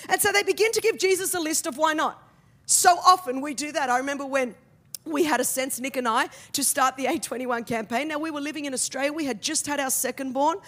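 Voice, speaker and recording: A middle-aged woman preaching a sermon with humor, building to loud, emphatic peaks. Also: sits high, brisk.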